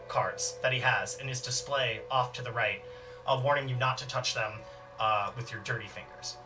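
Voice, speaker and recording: A man's voice: medium pitch, bright, forceful tone, far from the mic. A man narrating as game master of a tabletop game, rambling with many fillers.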